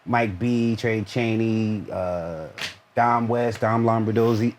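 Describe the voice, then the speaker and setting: An easygoing man in his forties from Newark, a guest in a casual interview. He tells long, rambling anecdotes at an unhurried pace and leans on "you know" as he goes. Faint noise sits behind his voice. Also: on the low side, darkish tone. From Newark, New Jersey. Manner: laid-back, drawn-out anecdotes full of "you know". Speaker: actor guest.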